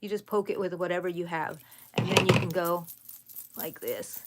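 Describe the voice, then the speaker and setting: A woman hosting a live crochet stream, chatting casually with viewers while she works and counting her stitches out loud. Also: lowish voice, steady tone, normal speed, very noisy. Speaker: crochet channel host. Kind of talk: live crochet tutorial chat.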